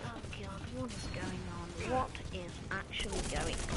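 A woman giving excitable live gameplay commentary, yelping and shrieking as the action happens. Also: mid-range voice, normal speed, few pauses, noisy background. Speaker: gamer streaming live.

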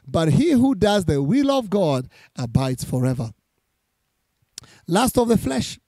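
A man's voice: sits high, a little mellow, no echo. A man preaching a sermon, reading scripture aloud and repeating key phrases for emphasis. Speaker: pastor.

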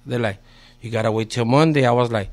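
A man's voice: medium pitch, fast, darkish tone. A man, a podcast guest telling a story in a laid-back, slangy way with heavy swearing. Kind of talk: casual storytelling.

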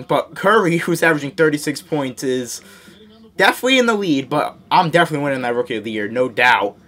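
Playing a basketball video game, a young YouTuber narrates live in a high, light voice. Big plays get him yelling, his teammates get scolded, and his own blunders become jokes.

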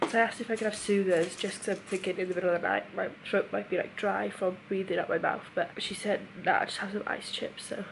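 Recovering from a nose operation, this young woman vlogs casually from her hospital room on a phone camera, and the audio is noisy. She talks fast in a steady, gravelly, medium-pitched voice with few pauses. She's chatty and emotional, breaking into laughter a lot.

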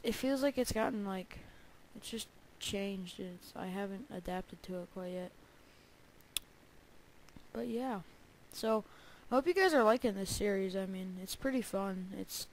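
A woman's voice: medium pitch, a little mellow, a little hiss or hum, rough recording. A woman giving casual gameplay commentary, chatty and prone to bursts of panicked repeated cries. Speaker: let's play gamer.

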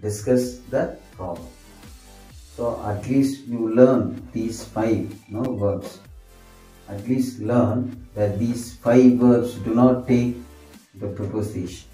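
A man speaks very slowly in a deep, mellow tone, going over grammar points and repeating each example sentence several times. His voice is set back from the microphone in an echoey room. Faint instrumental music plays underneath. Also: far from the mic. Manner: slow, repetitive, says sentences over and over; answers himself with "yes". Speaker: English grammar teacher. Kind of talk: grammar lesson.

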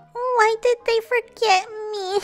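A woman's voice: very high voice, full character voice. A woman voicing a small lost girl doll who stammers through sobs, scared and alone. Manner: sobbing, stammering.

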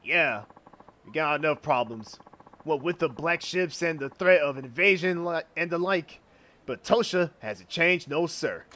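A man voicing a plain-spoken male townsman, reading game subtitles aloud in a low, easygoing way. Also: animated, measured pace, sharp tone.

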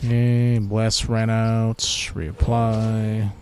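A man hosting casual gameplay commentary, relaxed and chatty as he thinks aloud while playing. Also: lowish voice, very slow, soft background music. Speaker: gaming channel host.

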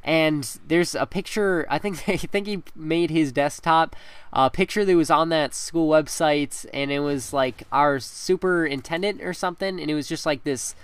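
A man's voice: on the high side, normal speed, clear, resonant tone, no room sound. A young man in his teens, telling a school story in a chatty way with frequent laughs and fillers while commenting on gameplay. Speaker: gaming commentator. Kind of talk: casual storytelling over gameplay.

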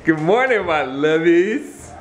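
A man's voice: a little high, lively intonation, slow pace. A man hosting a casual home vlog, joking around in a playful way and now and then singing along. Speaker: vlog host. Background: gospel music playing faintly.

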